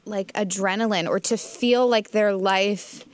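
A woman's voice: medium pitch, steady tone, unhurried, smooth, no echo. A young woman in her twenties, an actress telling a casual story in a podcast conversation, with laughs and swearing. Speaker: guest actress. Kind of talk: casual chat.

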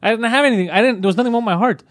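A man's voice: extremely high pitch, very fast, no echo, studio quality. A young man, a comedian, telling a story in casual chat and acting out the voices, with a lot of swearing.

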